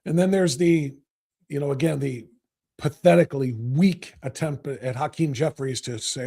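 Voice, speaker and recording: A man's voice: mid-range voice, moderate pace, husky. Ranting male talk show host. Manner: ranting, angry, bursts into shouting; sarcastic, mocking. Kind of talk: heated political commentary.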